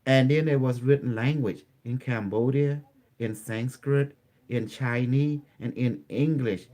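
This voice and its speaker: Speaking English at a medium pitch, this man has a mellow voice. As an interview guest he tells of something he lived through, stumbling, repeating himself, and starting over again and again.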